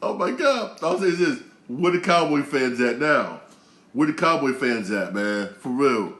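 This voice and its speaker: Male host, mid-pitched, rambling filler-laden sports rant in an echoey room. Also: lively intonation, a little slow, a bit bright. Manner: rambling, heavy fillers, taunting. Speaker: show host.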